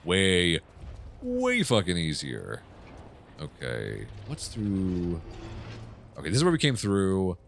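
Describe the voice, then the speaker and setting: A man casually commenting on his own game playthrough, swearing often and reacting loudly to what happens on screen. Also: sits low, wildly swooping pitch, slow pace, gravelly, long pauses, a little hiss or hum. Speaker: gaming channel host. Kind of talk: casual let's play commentary.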